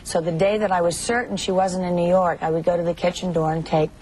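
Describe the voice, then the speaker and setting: A woman's voice: fairly low pitch, level tone, fast talker, a little mellow, slight background noise, rough recording. A woman in her thirties from Alabama, an actress chatting as a TV interview guest, telling stories and laughing often. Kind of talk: morning TV interview.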